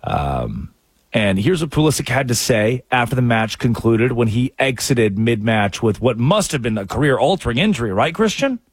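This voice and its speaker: A husky-voiced man hosting a sports talk radio show, sarcastic and animated, with his voice leaping up and down as he talks. The studio sound is dry and close on the mic. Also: normal speed, dry recording. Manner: sarcastic and animated, with sudden jumps in pitch. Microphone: studio microphone.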